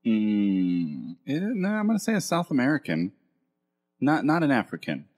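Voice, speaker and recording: A man's voice: medium pitch, huge pitch swings, moderate pace, darkish tone. A man co-hosting a casual coffee show, rambling playfully and searching for words. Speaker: podcast co-host. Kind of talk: casual chat.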